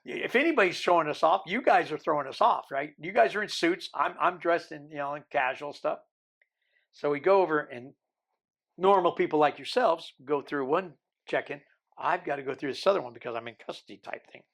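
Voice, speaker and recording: Gravelly man in his sixties telling a story. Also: on the high side, a little fast. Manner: animated storyteller who mimics the people he quotes. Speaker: guest. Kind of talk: storytelling in a podcast interview.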